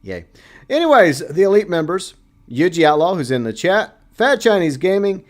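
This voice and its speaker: Brief: male streamer, slightly higher voice, loose chatty delivery. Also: very animated, moderate pace. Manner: chatty, reads chat aloud, playful asides. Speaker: livestream host. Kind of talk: casual livestream chat.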